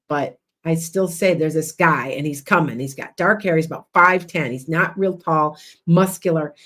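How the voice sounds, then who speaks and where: A woman hosting a livestream as a psychic and hypnotist, chatting loudly and rambling with many restarts. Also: fairly low pitch.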